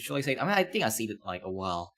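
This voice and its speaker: Streamer dude chatting loose, tons of "like, you know", voice bouncing up and down a lot. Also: male voice, fairly low pitch, sing-song, racing, fairly bright tone. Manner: rambling, lots of fillers, frequent laughs. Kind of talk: casual reaction-stream commentary.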